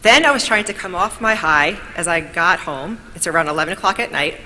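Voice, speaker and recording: Speaking at an awards event, a New York woman delivers a grateful, upbeat speech and weaves in a story. Her lowish voice is animated, fairly quick, pushed and bright, carried by long hall reverb over faint noise.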